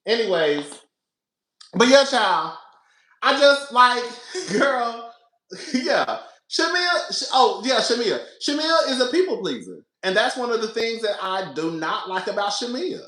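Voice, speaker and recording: A man giving casual, animated commentary on a reality show, talking straight to his viewers and calling them girl and baby. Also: very high-pitched, moderate pace, reverberant.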